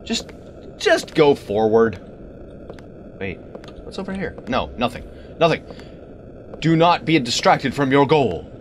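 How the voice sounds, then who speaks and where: A man giving let's-play commentary on a game, animated and talking back to the things on screen with sudden exclamations. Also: medium pitch, slow, pauses often, a little hiss or hum. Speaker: gaming video creator.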